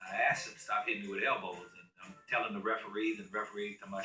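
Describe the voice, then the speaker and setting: A man's voice: lowish voice, steady tone, racing, few pauses, pushed and bright, recorded from a distance. A man in a documentary interview, recounting a fight bluntly. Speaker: former basketball player, interviewee. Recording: roomy, off-mic, faint music.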